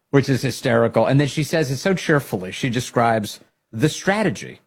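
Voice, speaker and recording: Male political talk host, husky, emphatic commentary, fired up at times. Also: mid-range voice, moderate pace. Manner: emphatic, grows loud and excited when rallying.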